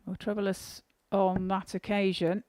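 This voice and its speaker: A woman's voice: medium pitch, flat delivery, a little slow, background noise. A woman co-commentating on darts with friendly, teasing analysis of each leg. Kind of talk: sports commentary.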